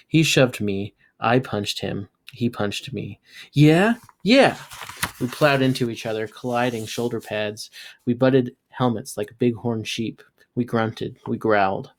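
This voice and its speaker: A man, a teacher, reading a novel aloud and bringing the dialogue to life with sudden jumps in pitch and loudness. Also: a little slow. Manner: lively, voices characters with jumps in pitch and loudness. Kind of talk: read-aloud storytelling.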